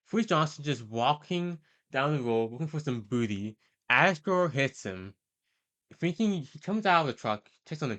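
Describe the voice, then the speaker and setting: Speaking in a mid-range, slightly bright voice, a video host works through a character tier list. His commentary rambles casually, with frequent hesitation, plenty of fillers and self-corrections mid-sentence.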